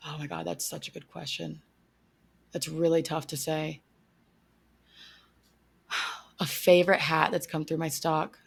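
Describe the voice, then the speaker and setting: Chatty woman, lowish voice. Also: little pitch movement, a little slow, vocal fry, long pauses, husky. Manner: chatty, upbeat, many fillers. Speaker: podcast guest. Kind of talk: casual chat.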